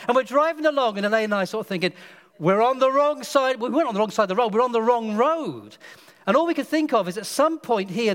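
A man preaching a sermon, telling stories and acting out the quotes with lively energy. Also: high-pitched, long reverb tail. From Britain. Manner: animated storytelling, acts out quotes.

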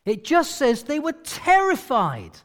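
A man preaching a sermon in an animated, expressive storytelling manner. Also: extremely high pitch, takes it slowly. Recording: long reverb of a large hall.

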